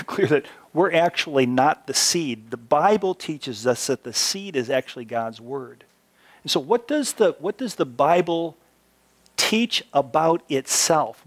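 A man preaching a sermon in an animated, storytelling way, swinging between loud and soft. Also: fairly high pitch, slightly rough. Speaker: pastor.

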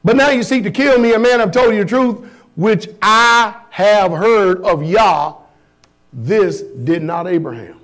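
A man's voice: sits high, a little slow, fairly bright tone. A man preaching a sermon as pastor, firing blunt rhetorical questions at his congregation in a folksy, emphatic way.

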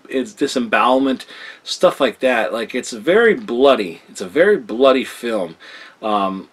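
A man's voice: mid-range voice, a bit bright. Young guy reviewing films to camera, loose and rambling, lots of "uh" and "you know". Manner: rambling, repeats words with many fillers. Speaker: film reviewer. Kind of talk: casual video review.

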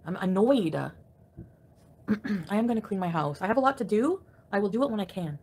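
A woman livestreaming from home, venting in an angry, crabby, profane rant that jumps between grumbling and sharp loud outbursts. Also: mid-range voice, lively intonation, a little fast, slightly rough. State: crabby and irritated. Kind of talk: ranting live stream chat.

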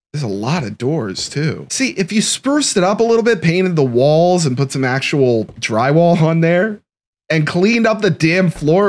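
A young man giving let's-play commentary on a horror game, excitable and swearing, breaking into panicky yelps when scared. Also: medium pitch. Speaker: gaming YouTuber.

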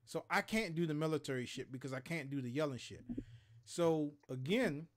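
A man's voice: fairly high pitch, normal speed, slight background noise. A man in his thirties from Maryland, hosting a show and telling stories in casual, profane chat, acting out quotes and sound effects.

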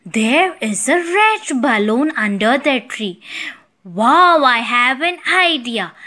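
A woman's voice: fairly high pitch, pushed and bright, heavily acted. A woman voicing a clever young male parrot in a children's story, cheerful and eager.

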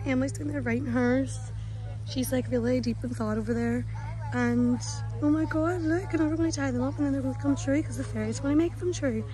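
A woman's voice: high voice, a little fast, mellow. A young Irish woman vlogging casually to her phone while out and about, rambling and bubbly with lots of "like". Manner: bubbly, rambling, heavy use of "like". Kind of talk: casual vlog chat to camera. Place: outdoors in countryside and a park.

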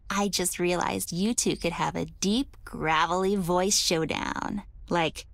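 A woman's voice: lowish voice, fairly even intonation, slow pace, creaky, dry recording. An actress playing a cheerful, cheeky young girl in a game, speaking in a bubbly, playful way. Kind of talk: game voice acting.

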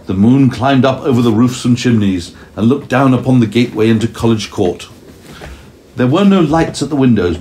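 A man reading a storybook aloud to his young child at home, gently pausing to ask questions. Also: lowish voice, slight background noise. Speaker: parent telling a story to a toddler.

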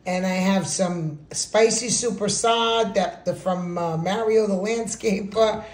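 A woman's voice: medium pitch, slow pace, a little mellow, reverberant. A woman hosting a home cooking vlog, chatting casually and laughing easily as she shows her food. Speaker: home cook vlogger. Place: home kitchen.

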